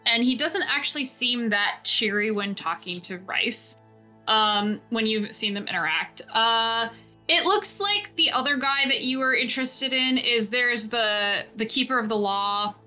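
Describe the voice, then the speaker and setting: A woman's voice: on the high side, expressive, a little slow, bright, forceful tone, soft background music. A woman running a tabletop game as game master, narrating in a chatty way with many fillers.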